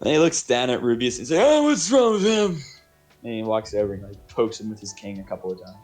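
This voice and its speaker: A man's voice: on the low side, rapid-fire, a little mellow, soft background music. A man narrating as game master on a tabletop game stream, casual and rambling, with many restarts. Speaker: dungeon master.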